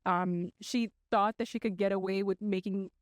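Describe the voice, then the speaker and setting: A young woman from Congo, raised in South Africa, speaking as a podcast guest and telling her story in a measured, articulate way. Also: medium pitch, fairly even intonation, no room sound, studio quality. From Democratic Republic of Congo, raised in South Africa. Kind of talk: casual interview chat.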